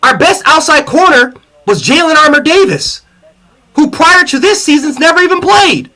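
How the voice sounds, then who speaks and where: Man, angry profane fan rant, high voice, bright sharp tone, livestream host. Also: animated, moderate pace. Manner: angry, profane, repeats himself. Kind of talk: heated fan reaction rant.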